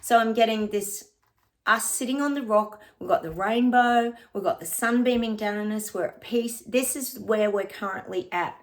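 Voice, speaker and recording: Here is a woman giving a chatty psychic reading to her viewers. She talks at a middle pitch, loose and friendly, calling everyone guys. She hums snatches of songs between her points. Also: normal speed. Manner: breaks into short bits of song and laughs often. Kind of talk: casual psychic reading to camera.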